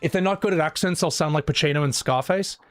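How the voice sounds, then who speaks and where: A man's voice: fairly high pitch, fast talker, no echo, soft background music. A young man chatting casually on a live stream, rambling, swearing and laughing often.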